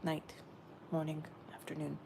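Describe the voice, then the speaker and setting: A woman giving a gentle, meandering spiritual message she says she is channeling, often repeating her phrases. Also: sits low, completely flat delivery, a little slow, gravelly, noisy background.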